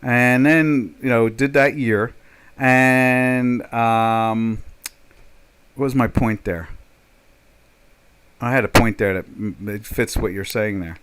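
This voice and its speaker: A man's voice: medium pitch, steady tone, slow, long pauses, fairly bright tone, clear, resonant tone. An older man chatting casually as a trader on a live stream, rambling and joking, with many fillers and restarts. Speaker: trader hosting a live chat.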